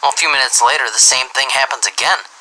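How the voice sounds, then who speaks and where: A man reading dirty jokes aloud as an animated storyteller who starts many lines with "well". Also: mid-range voice, quick pace, slight background noise, low-quality recording.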